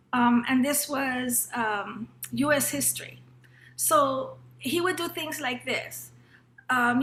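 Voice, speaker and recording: Woman, middle-aged, from Los Angeles, high voice, conversational storytelling, fillers and restarts, echoey room. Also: fairly bright tone. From Los Angeles, United States. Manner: acts out her teacher's lines in quotes. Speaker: panel speaker at an educators' summer institute. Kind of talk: personal storytelling talk.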